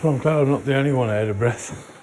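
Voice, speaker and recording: A man's voice: mid-range voice, quick pace, noisy background. A man who works as an enforcement officer, speaking bluntly and swearing casually in banter and interview. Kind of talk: candid on-the-job banter and interview.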